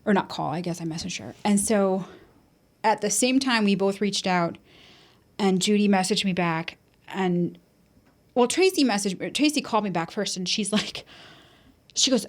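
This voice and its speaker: A woman's voice: mid-range voice, normal speed. A woman casually telling a personal story in conversation, full of ums, casual swearing and nervous laughs. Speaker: podcast host.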